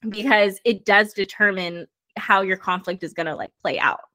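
A young adult woman co-hosting a casual podcast chat, animated and quick, her voice rising when she feels passionate. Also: mid-range voice, no echo. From Puerto Rican and Mexican heritage. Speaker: podcast co-host.

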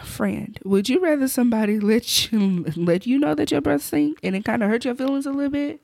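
A co-host in casual podcast chat, relaxed, teasing and giggly. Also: medium pitch, fairly quick, creaky, no echo, clean studio sound.

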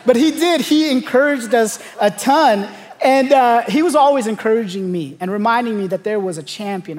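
A young adult man from Los Angeles, a pastor preaching a sermon, telling stories and building to emphatic calls to the congregation. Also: sits high. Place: large church auditorium. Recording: long hall reverb.

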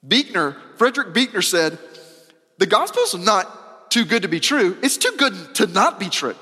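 A man preaching a sermon as pastor, emphatic and casual, repeating phrases and moving between loud and soft. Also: sits high, very animated, normal speed, slightly rough. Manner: casual, uses "y'all" and slang. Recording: long hall reverb.

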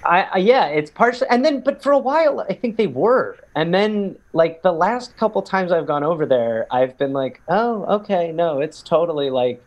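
A man's voice: sits high, big pitch swings, normal speed, hardly any pauses, a little hiss or hum. A man chatting casually as a comedian guest, rambling and jokey. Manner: rambling, jokey, slips into silly voices.

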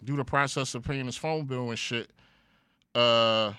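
A middle-aged man telling a story in casual chat, acting out quotes loudly, laughing and swearing. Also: medium pitch, steady tone, measured pace, clear, resonant tone, no room sound, clean studio sound.

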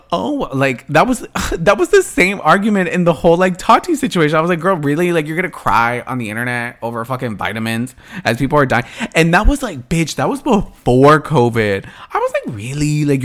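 A man's voice: on the high side, a bit bright. A young man vlogging in a blunt, sassy rant, swearing freely and talking straight to his viewers. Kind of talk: casual rant to camera.

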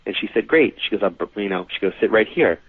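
A man's voice: lowish voice, fast talker, husky, dry recording. A man, a psychic reader, casually telling anecdotes and acting out the people in them, with lots of fillers. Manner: animated anecdote-telling, acts out quoted voices, many fillers. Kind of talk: casual storytelling interview. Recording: tinny phone-like line.

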